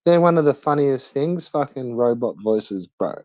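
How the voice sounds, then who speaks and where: A man's voice: medium pitch, animated, normal speed, darkish tone, dry recording, muffled recording. A man hosting a livestream, chatting casually and crudely, swearing constantly in slangy banter. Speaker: livestream host.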